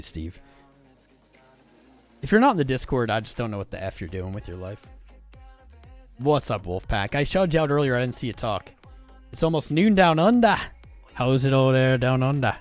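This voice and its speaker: A young man hosts a casual livestream, talking straight to his viewers in an excitable, informal way. His pitch swings widely as he speaks. Faint music plays underneath. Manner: animated, swearing, informal and excitable. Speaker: crypto livestream host. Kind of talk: casual livestream chat reading viewer comments.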